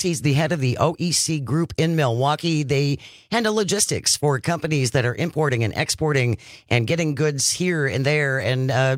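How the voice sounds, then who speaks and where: A man hosting a talk show, asking questions and clarifying points slowly and emphatically. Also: on the high side, dry recording, clean studio sound. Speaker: radio show host.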